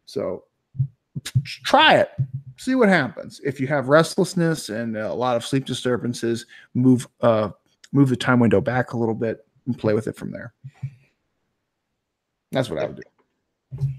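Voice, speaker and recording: A man co-hosting a casual webinar chat, animated and swearing freely. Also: measured pace, long pauses. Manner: animated, swears freely, pitch jumps high when making a point. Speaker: co-host.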